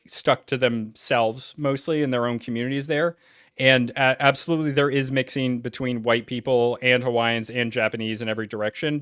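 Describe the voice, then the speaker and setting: A man's voice: medium pitch, a bit bright, no echo, studio quality. A man hosting a reaction video, talking casually and rambling with lots of "like" and fillers. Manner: rambling, heavy use of "like" and fillers. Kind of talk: casual commentary.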